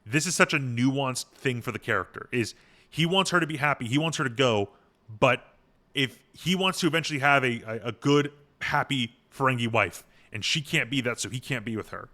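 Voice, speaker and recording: A man's voice: medium pitch, fairly quick, sharp tone. A man co-hosting a podcast, rambling through an episode recap and acting out quoted lines in funny voices. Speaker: podcast co-host. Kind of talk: casual chat recapping a TV episode.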